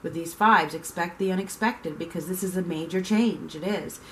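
Slight background noise accompanies a tarot reader whose voice is on the low side with a fairly bright tone. She talks at a normal pace, chatty and repetitive, occasionally acting out the reactions she recounts.

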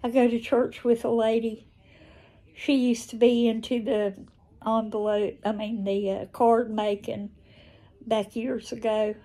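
Older Southern woman vlogger, slow and mellow, flat even delivery, tender homespun chat. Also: fairly high pitch. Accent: Southern American. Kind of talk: casual chat to camera.

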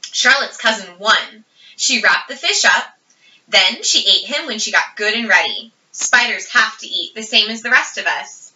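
Woman doing an earnest young farm girl, bright voice, roomy and distant. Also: medium pitch, lively intonation, moderate pace. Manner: earnest, insistent storytelling. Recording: roomy, distant, dull audio.

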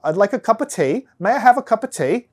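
A Texan American man putting on a deliberately poor British accent to play someone politely ordering tea. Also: sits high, very animated, slightly rough, pitched above the performer's own voice, heavily acted. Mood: playful. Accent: mock British, put on by a Texan American. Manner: exaggerated, self-consciously poor impression.

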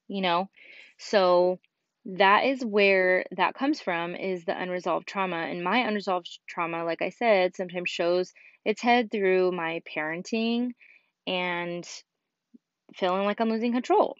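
A woman's voice: on the low side, normal speed, no room sound. Chatty, candid woman podcaster, dry sound. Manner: candid, chatty, many fillers. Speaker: podcast host. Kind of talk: casual solo podcast talk. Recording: dull lo-fi podcast mic.

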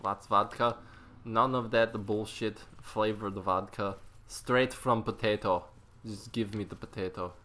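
A man playing a gloomy old Russian man obsessed with vodka, in a put-on Russian accent, talking slow and heavy with broken grammar. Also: fairly low pitch, fairly even intonation, sharp tone. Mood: gloomy, boastful. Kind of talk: comic impression in game commentary.

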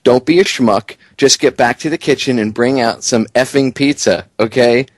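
A man's voice: medium pitch, normal speed, dry recording, pitched above the performer's own voice, lightly acted. Man doing an entitled, pushy city mayor. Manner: pushy, indignant, swearing. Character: entitled, irritated older male city mayor.

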